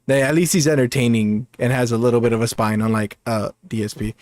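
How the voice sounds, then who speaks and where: A man co-hosting a casual gaming podcast, rambling with many restarts and quick laughs. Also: medium pitch, steady tone, a little mellow, no echo, studio quality. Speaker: podcast co-host.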